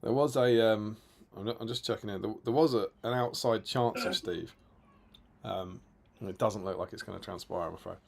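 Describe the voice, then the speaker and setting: A man's voice: lowish voice, moderate pace, vocal fry, a little mellow. A man co-hosting a casual live stream, reading viewer comments aloud with playful asides. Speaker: co-host reading chat.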